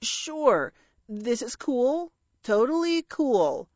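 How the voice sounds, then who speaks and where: A woman's voice: fairly high pitch, sing-song, very slow, darkish tone, no room sound, lo-fi sound, full character voice. A woman voicing an earnest, bumbling young male dragon who speaks in a flustered, grandly heroic way in an audiobook reading.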